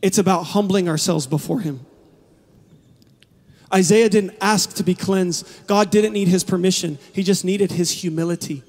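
A man preaching a sermon as pastor, building from quiet, low passages to passionate, shouted climaxes. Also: moderate pace. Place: large church hall. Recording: long hall reverb.

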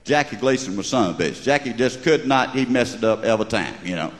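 A man's voice: mid-range voice, lively intonation, fast. A middle-aged man with a Southern drawl doing wry, mocking stand-up storytelling before a live audience. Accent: Southern US (Georgia). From American South. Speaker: stand-up comedian. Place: large live venue with audience. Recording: echoey hall, crowd in background.

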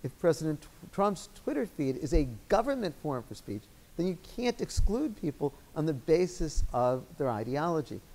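A man with a Chicago accent, a guest lecturer giving measured, articulate legal answers in a law school lecture room. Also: a little high, sing-song, darkish tone. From Chicago, United States.

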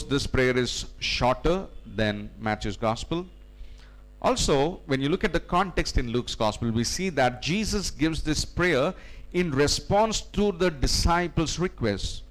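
A man as pastor giving a teaching sermon, explaining scripture step by step with frequent "you know" fillers. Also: on the high side.

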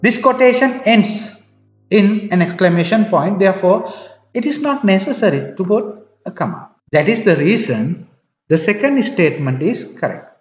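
A woman's voice: mid-range voice, lively intonation, moderate pace. A woman teaching English grammar, stepping through examples one by one and reading example sentences aloud. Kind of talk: explaining grammar with on-screen examples. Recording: echoey hall, dull sound, faint music.

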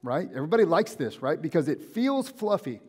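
A young man preaching a casual sermon in a church auditorium, animated and often acting out everyday conversations in different voices. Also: on the high side, a little fast, slightly rough. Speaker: pastor.

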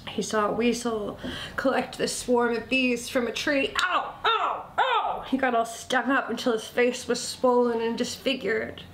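A woman instructor tells a children's story in a slow, expressive voice, sinking into hushed whispers. Her voice sits a little high. The room is echoing, with faint noise behind. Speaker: nature school instructor.

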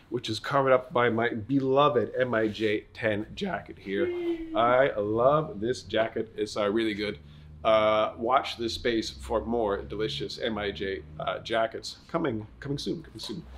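A man's voice: mid-range voice, a bit bright, slight background noise. A man presenting his outfit in a store vlog, with a congested, muffled voice and a playful, mock-grandiose manner. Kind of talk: casual fit-check vlog. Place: clothing store.

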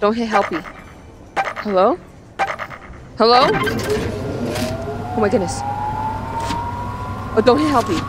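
Excitable high-voiced woman gaming. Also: slow pace, pauses often, over loud music. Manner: excitable, yelps and apologizes. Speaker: gaming YouTuber. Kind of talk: let's play commentary.

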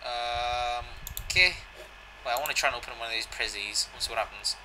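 A young man hosts a gaming channel video, giving a casual, jokey walkthrough in which he swears and reads the in-game dialogue aloud. His medium-pitched voice is creaky and brisk, with a noisy background behind it.

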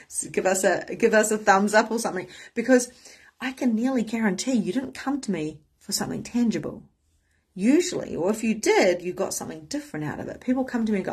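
A New woman talks as a spiritual coach in a loose, candid way, cursing without a second thought. Her voice is husky and a little breathy, sitting in an ordinary middle pitch for a woman. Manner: candid, swears freely, acts out quoted voices. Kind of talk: casual motivational talk.

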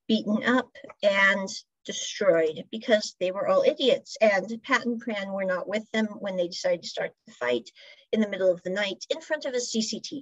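A woman's voice: mid-range voice, no room sound, lo-fi sound. A woman hosting a podcast, casually recapping a drama in a chatty storytelling way with asides. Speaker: podcast host reviewing a drama series. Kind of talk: casual review monologue.

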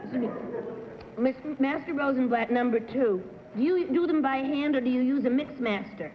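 A woman on a game show panel, asking quick-fire questions in a crisp, businesslike way. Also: high-pitched, a little hiss or hum. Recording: dull 1960s TV broadcast, hall reverb.

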